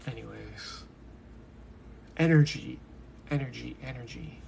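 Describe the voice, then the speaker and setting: Brief: a young male streamer thinking aloud, gravelly and unhurried, drifting topic to topic. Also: medium pitch, a little mellow, a little hiss or hum. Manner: musing, talks to himself, drifts between topics. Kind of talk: rambling casual monologue.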